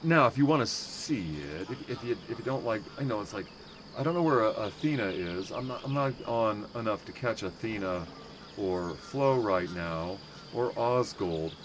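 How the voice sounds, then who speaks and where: An American man hosts a casual game livestream, rambling and interrupting himself with many fillers while playfully mangling German words. His voice is fairly low, at normal speed, with a little hiss or hum.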